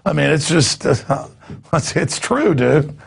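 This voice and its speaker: A man's voice: a little high, expressive, takes it slowly, creaky, breathy edge. A man hosting a news talk show, ranting with indignant sarcasm and repeating himself as he goes.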